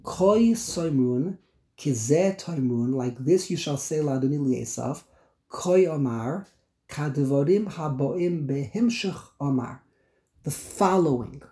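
Man teaching a text class, mellow voice. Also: a little high, lively intonation, slow. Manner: reads Hebrew phrases aloud then translates and explains them, with repeats and restarts. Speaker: Torah teacher. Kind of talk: text study class explaining Hebrew and Aramaic commentary.

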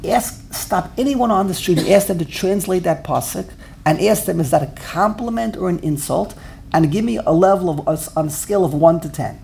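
A man with a gravelly, fry-edged voice gives a lively Torah lecture in English, tripping over repeated words as he builds his point. Faint noise sits under his voice. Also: high voice, moderate pace. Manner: animated, repeats words while searching for phrasing. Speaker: Torah teacher.

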